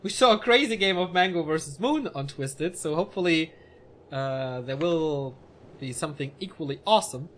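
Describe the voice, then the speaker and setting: A male esports caster talking solo over a match. His voice sits a little high and swings up and down a lot as he calls the play. He chats and tosses in joking asides between the action. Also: lively intonation, normal speed, fairly bright tone. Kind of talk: solo play-by-play game commentary.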